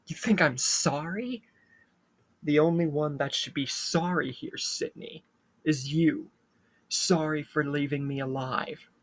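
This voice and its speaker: The narrator voicing a vengeful young woman slasher, delivered low and quiet, in a slow fan-made story retelling.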